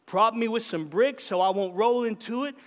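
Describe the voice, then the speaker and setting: A stern old backwoods great-uncle with a gravelly voice hollers his insistent demands, as a man reading a story puts him on. His voice sits high and carries through a hall with a long, lingering reverb. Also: normal speed, a bit bright.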